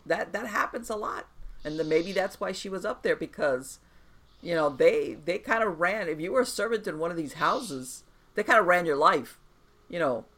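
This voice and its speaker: A podcast host who talks about the paranormal with an emphatic, explanatory manner, stopping to restart and checking that the guest is following. The voice sits at a middle pitch, and the talk is a casual conversation. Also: lively intonation, moderate pace, a bit bright.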